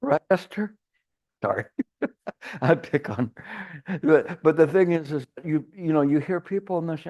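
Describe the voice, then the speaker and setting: Mellow rambling male meditation teacher. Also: mid-range voice, lively intonation, normal speed, lo-fi sound. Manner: rambling, self-interrupting, playful examples. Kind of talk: retreat dharma talk. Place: retreat hall.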